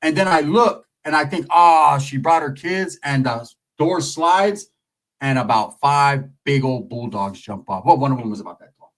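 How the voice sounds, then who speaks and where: A male comedian telling a crude comic story in a loud, rambling, slangy way. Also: mid-range voice, normal speed, recorded from a distance. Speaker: stand-up comedian.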